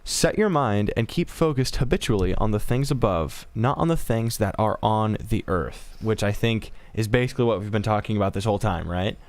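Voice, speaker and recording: Man, halting speech, lots of ums, dry close sound. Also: on the low side, no room sound. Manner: halting, with many fillers. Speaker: guest. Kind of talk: casual group chat.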